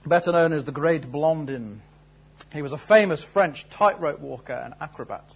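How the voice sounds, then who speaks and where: A man's voice: on the high side, normal speed, gravelly, breathy edge, muffled recording. A man preaching a sermon, telling a story and then asking earnest, searching questions. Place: church service.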